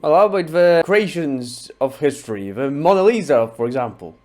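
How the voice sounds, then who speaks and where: Joking game streamer with a lively voice. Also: medium pitch, normal speed, soft background music. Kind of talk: casual game commentary.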